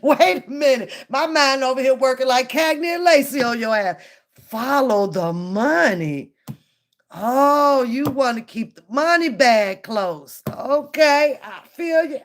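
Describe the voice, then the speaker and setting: Blunt, animated woman reacting to a clip. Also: high voice, a little slow, hardly any pauses. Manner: animated, blunt, profane, laughs often. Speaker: reaction channel host. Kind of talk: casual reaction commentary.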